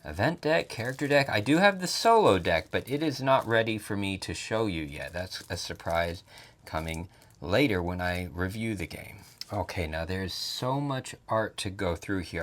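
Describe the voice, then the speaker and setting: Man, board game reviewer, playful unboxing chat, low and animated voice. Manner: playful, jokey commentary. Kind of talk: casual unboxing narration.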